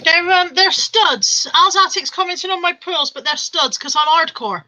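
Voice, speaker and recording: A woman's voice: very high-pitched, normal speed, pushed and bright, rough recording. A woman co-hosting a live stream, chatting casually and joking at her own expense on a home video call. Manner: chatty, self-mocking and jokey. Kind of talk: casual chat.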